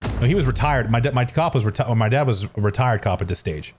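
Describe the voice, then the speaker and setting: A man's voice: mid-range voice, lively intonation, fast, darkish tone, a little hiss or hum. Man rambling through a story. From Canada. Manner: rambling, self-mocking, frequent restarts and fillers. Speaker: streamer. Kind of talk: casual storytelling while gaming. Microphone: studio dynamic microphone.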